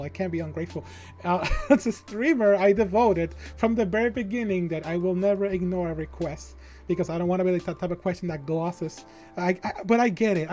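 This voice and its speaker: A man's voice: sits high, dark tone. A man hosting a live stream, chatting casually with a guest, giggling often and rambling in a self-deprecating way. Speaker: streamer host.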